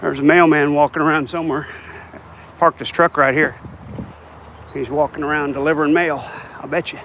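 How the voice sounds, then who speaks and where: A man's voice: fairly high pitch, steady tone, moderate pace, fairly bright tone, a little hiss or hum. An older man chatting casually and joking at himself as he walks outdoors on a city street, talking into a phone. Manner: joking, self-mocking rambling. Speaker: vlogger. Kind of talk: casual walking vlog chat. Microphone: phone held while walking.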